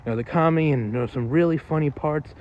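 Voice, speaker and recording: A man's voice: fairly high pitch, quick pace, muffled recording. A man rambling through a casual, off-the-cuff movie review, full of fillers and loose swearing.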